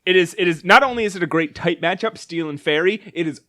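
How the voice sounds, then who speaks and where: A man's voice: high-pitched, fast talker. A man on a casual comedy podcast, retelling a cartoon plot with lots of laughter. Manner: animated, laughs often while retelling scenes. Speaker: podcast co-host.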